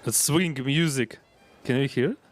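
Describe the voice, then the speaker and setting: A man's voice: mid-range voice, normal speed, faint music behind. A man streaming a video game, chatting casually and laughing often as he plays. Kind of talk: casual gameplay commentary.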